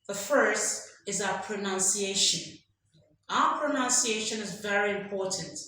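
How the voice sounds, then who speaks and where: A woman's voice: mid-range voice, a little slow, sharp tone. A woman teaching an English lesson, emphatic, drilling examples aloud and quizzing her listeners. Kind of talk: classroom lesson. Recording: strong echo, faint background noise.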